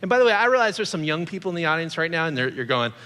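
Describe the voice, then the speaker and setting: Middle-aged male guest pastor, bright, slightly high voice, storytelling sermon, long church-hall reverb. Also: rapid-fire, smooth. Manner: animated, joking storytelling. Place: church auditorium.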